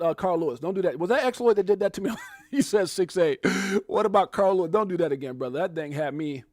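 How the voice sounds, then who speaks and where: A man hosting a live crypto stream, chatting casually and jokily with viewers by name, with excitable loud bursts. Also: sits high, fast talker, no echo, studio quality. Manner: excitable, loud outbursts and frequent laughs; jokey, talks to chat viewers by name. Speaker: crypto livestream host.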